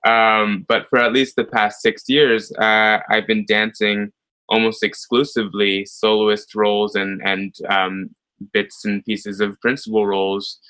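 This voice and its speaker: An American man in his thirties, talking through his career in a relaxed interview. His voice sits fairly low but comes across bright and forceful. He tells stories in an animated way, with plenty of ums and little laughs. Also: unhurried, smooth, poor audio. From United States. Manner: animated storytelling with frequent fillers and laughs. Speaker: ballet soloist guest. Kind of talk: conversational interview.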